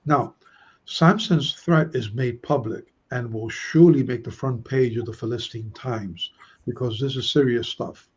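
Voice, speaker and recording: A man's voice: mid-range voice, a little slow, slightly rough, lo-fi sound. A man hosting a Bible study discussion, chatty, reading verses aloud and putting questions to his listeners.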